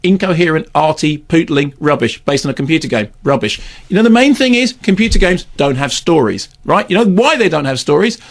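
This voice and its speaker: Male critic, gravelly and creaky, slightly high, sardonic rambling chatter. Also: sing-song, brisk, hardly any pauses. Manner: rambling, sardonic, repeats words for comic effect. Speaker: film critic. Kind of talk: casual radio chat, film review.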